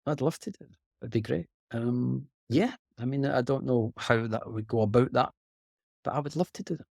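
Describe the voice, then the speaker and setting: A middle-aged man with a Scottish accent, a guest actor talking earnestly and haltingly over a video call. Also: mid-range voice, vocal fry, darkish tone, dry recording, clean studio sound. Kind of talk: reflective conversation.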